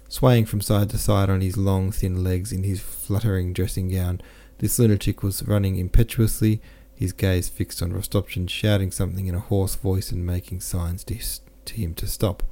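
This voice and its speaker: A man reading a classic novel aloud as the narrator, steady and unhurried, now and then correcting a slip. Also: low-pitched. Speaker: audiobook narrator. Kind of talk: scripted narration.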